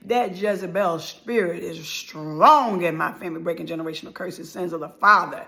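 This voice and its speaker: Brief: middle-aged woman, gravelly yet bright voice, emotional confessional storytelling, acts out the dialogue. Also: on the low side, a little fast, few pauses. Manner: dramatic, acts out dialogue, drops to near whispers. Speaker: motivational life speaker.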